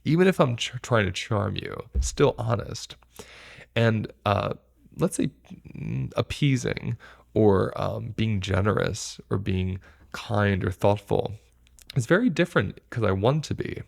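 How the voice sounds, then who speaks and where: A man with a low, gravelly voice teaches to camera about stress responses. He is reflective and earnest and draws on his own life to explain. Every point comes with a plain everyday example. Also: expressive, unhurried. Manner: earnest, speaks from personal experience.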